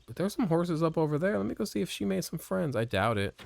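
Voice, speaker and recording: A man's voice: a little high, big pitch swings, fast, gravelly, darkish tone, slight background noise. A man giving casual gameplay commentary at a home desk mic, rambling and profane, mocking himself and jumping between mutters and exclamations. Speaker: let's play streamer.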